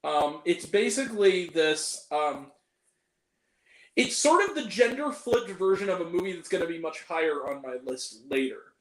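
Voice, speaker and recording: A chatty man with a high voice hosts a loose film review, tossing in jokey asides as he goes. His voice rings in an echoey room. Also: expressive, moderate pace, a bit bright. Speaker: host. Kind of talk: casual film review chat.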